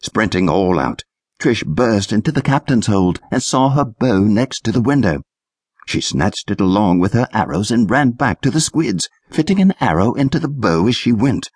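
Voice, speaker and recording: Male narrator for a kids' adventure audiobook, lively reads, slightly husky, dry studio sound. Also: on the low side, moderate pace, dry recording. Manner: lively, expressive storytelling. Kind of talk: scripted narration for children.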